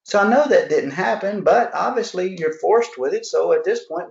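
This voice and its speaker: A man's voice: high-pitched, expressive, normal speed, gravelly. A man coaching salespeople on a live video call, acting out customer dialogues with energy. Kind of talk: live online sales training. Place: home office with alarms. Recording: roomy, dull lo-fi sound.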